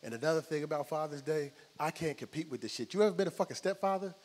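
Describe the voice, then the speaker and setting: Loud profane stand-up comedian, high voice. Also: male voice, quick pace. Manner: loud, profane, animated storytelling. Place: comedy club stage before a live audience. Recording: live room with long reverb, crowd noise.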